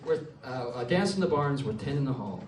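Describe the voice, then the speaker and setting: A man's voice: medium pitch, lively intonation, a little fast, noisy background. A man leading his band on stage, joking with the audience and teaching them a sing-along chorus. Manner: playful, teaching the crowd a chorus. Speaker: bandleader and singer. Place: live music cafe venue. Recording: echoey room, mic from a distance, loud band. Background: band instruments.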